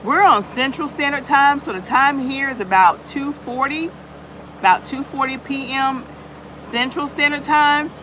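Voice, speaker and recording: A woman's voice: high voice, unhurried, sharp tone, slight background noise, low-quality recording. A woman hosting a casual live chat on her channel, greeting viewers by name and peppering her talk with "y'all". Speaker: livestream host.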